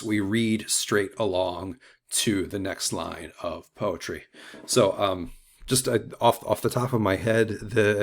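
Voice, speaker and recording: A man's voice: on the low side, creaky. A man teaching an unscripted mini lecture, talking loosely with many fillers and restarts.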